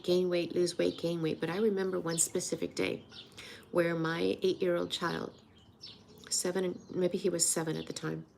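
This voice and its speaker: A woman's voice: fairly low pitch, vocal fry, darkish tone, slight background noise. A woman in her sixties, a weight loss coach, talking earnestly and emotionally in a personal vlog, encouraging her viewers. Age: 60s.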